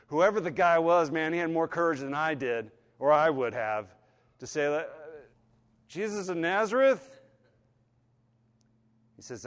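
A man preaching a sermon, telling the story and acting out the voices in it, going from hushed and low to loud and fervent. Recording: long hall reverb.

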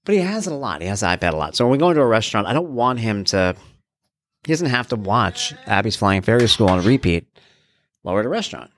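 A man's voice: lowish voice, sing-song, fast, no echo. A middle-aged man hosting a podcast, talking in a casual, rambling, affectionate way and often breaking off mid-sentence. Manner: rambling, fond and self-interrupting. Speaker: podcast host. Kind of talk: casual solo podcast talk.

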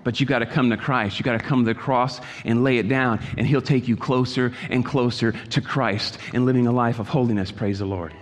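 A man preaching a sermon in an exhorting manner, repeating his phrases and moving between quiet asides and loud calls. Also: mid-range voice, fairly even intonation, a little fast, few pauses, big-room sound. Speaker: pastor.

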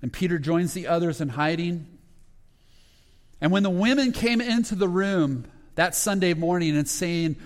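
A pastor telling a Bible story as a sermon, acting out the quoted lines and growing hushed at the tender moments. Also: male voice, on the high side, expressive, moderate pace. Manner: retells scripture with quoted dialogue, dropping to a hushed voice at emotional moments. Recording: long hall reverb.

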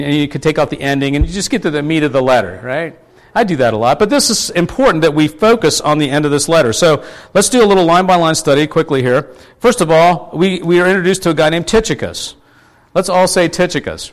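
A man's voice: fairly high pitch, quick pace. A man preaching a conversational sermon, asking his congregation questions and restarting his sentences often. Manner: chatty, asks the congregation questions; many fillers and restarts. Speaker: pastor.

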